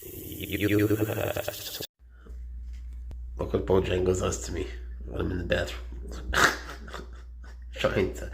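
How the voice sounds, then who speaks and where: Gravelly low-voiced man, chatty animal keeper. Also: little pitch movement, slow pace, long pauses, roomy sound, a little hiss or hum. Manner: chatty and affectionate, coos to his animals. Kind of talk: casual vlog talk.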